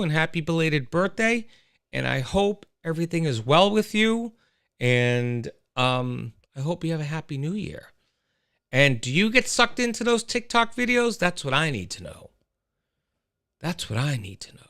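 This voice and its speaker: A man's voice: fairly high pitch, moderate pace, clear, resonant tone, no echo, studio quality. A man hosting a casual solo livestream, rambling and chatting straight to his listeners. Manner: animated, rambling, talks to listeners. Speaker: host.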